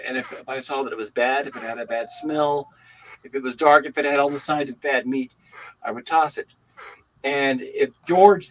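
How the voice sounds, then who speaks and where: An older man hosting a livestream, chatting casually and telling animated stories. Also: mid-range voice, low-quality recording. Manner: animated storytelling. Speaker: livestream host. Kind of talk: casual chat.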